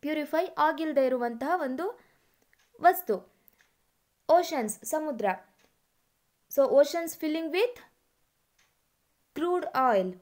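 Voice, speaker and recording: A woman's voice: high-pitched, animated, a little mellow. A woman, teaching a class and explaining a poem word by word. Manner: slow, deliberate word-by-word explaining. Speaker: English teacher.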